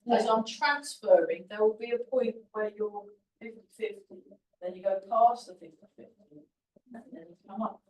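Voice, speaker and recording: A woman's voice: mid-range voice, normal speed, a little mellow. A woman teaching a tai chi class, chatty and encouraging as she talks through the moves. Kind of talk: teaching a class while demonstrating. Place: large roomy class hall. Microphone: camera at a distance. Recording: echoey hall from far off.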